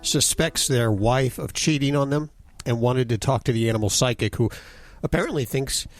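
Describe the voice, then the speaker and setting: A man's voice: mid-range voice, normal speed, dry recording, faint music behind. A man hosting a radio talk show, playful and teasing as he banters with the panel. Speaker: radio host.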